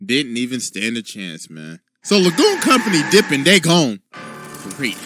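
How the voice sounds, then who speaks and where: A man hosting a reaction video, recapping the action in an animated, slangy and crude comic style. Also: mid-range voice, a little slow. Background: music.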